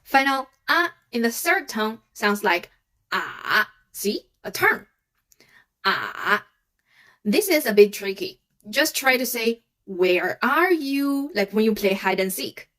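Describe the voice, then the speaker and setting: Higher-voiced woman teaching a language. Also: expressive, normal speed, a bit bright. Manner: patient, demonstrates sounds aloud. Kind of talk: online language lesson.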